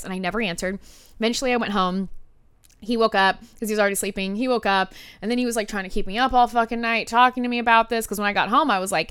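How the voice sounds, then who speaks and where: A woman hosting a podcast, telling a personal story in a candid, animated way and swearing freely. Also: medium pitch, rapid-fire, clean tone, no echo. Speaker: podcast host. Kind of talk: casual storytelling monologue.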